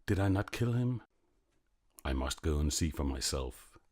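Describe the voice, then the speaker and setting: A man voicing a violent, greedy peasant in a fairy tale, gruff and muttering. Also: extremely low pitch, expressive, measured pace, darkish tone, heavily acted. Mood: grim.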